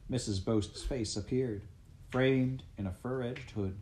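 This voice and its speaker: A man reading a storybook aloud in gentle, steady scripted narration. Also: medium pitch, a little slow, slight background noise, rough recording. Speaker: audiobook reader.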